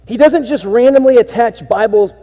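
A male pastor preaching with a high, mellow voice that carries through a church sanctuary with long reverb. He moves from near-hushed lines into emphatic, animated bursts. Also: moderate pace. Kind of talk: sermon.

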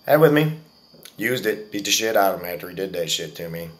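A man's voice: sits low, animated, fast talker. A man in his forties telling a story to his viewers in a casual, profane, boastful way. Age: 40s. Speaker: vlogger.

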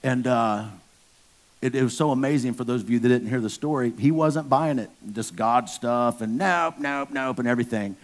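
A man's voice: mid-range voice, moderate pace. Candid storytelling pastor in his fifties. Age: 50s. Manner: candid, storytelling, bursts into loud excited impressions. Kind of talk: sermon.

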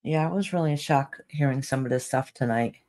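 A woman speaking quietly and subdued on a live stream, sounding upset. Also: very deep voice, a little fast. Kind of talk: casual live-stream talk.

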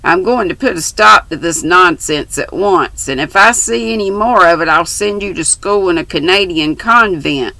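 A woman reading a stern middle-aged father from a classic storybook, curt and commanding. The voice is gravelly and forceful. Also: on the low side, animated, normal speed, few pauses, dry recording, full character voice, poor audio.

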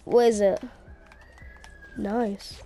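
A woman's voice: medium pitch, little pitch movement, drawn-out words, warm tone. A woman gamer in casual chat while playing, joking and rambling on a headset mic.

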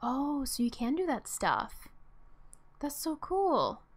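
Giggly high-voiced young woman gamer. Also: very animated, slow. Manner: bubbly, giggly, chatty, talks to her game characters. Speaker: gameplay streamer. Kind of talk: casual let's-play commentary.

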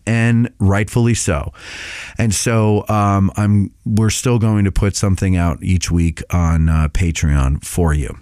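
A man's voice: fairly low pitch, steady tone, measured pace, a little mellow, smooth, no room sound, clean studio sound. A podcast host giving a casual update on his show, rambling with many filler sounds and restarts.

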